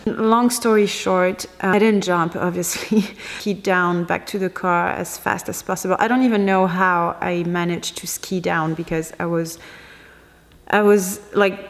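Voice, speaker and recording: A young woman vlogging about her own experiences in an emotional, halting way, with frequent restarts and fillers. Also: medium pitch, long reverb tail. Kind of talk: personal vlog storytelling.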